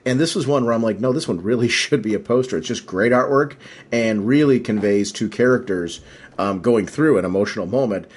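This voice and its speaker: A man's voice: mid-range voice, brisk, slightly rough. A man co-hosting a podcast, chatting casually about comics with enthusiasm and the odd laugh. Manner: enthusiastic, thoughtful, laughs at times. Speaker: podcast co-host.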